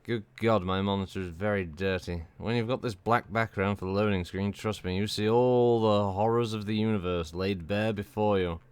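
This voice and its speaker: A man's voice: on the low side, fairly even intonation, normal speed, hardly any pauses, clear, resonant tone, no room sound. A young man streaming a game, rambling and chatting casually, repeating "yes" and "good" a lot with dry, self-mocking humour. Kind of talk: casual gameplay stream commentary.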